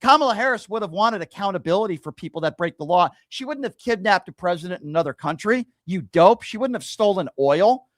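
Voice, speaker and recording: A man hosting a call-in radio show, loudly berating and insulting a caller. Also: high-pitched, expressive, fairly quick, few pauses, no room sound, studio quality. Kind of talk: combative call-in talk radio.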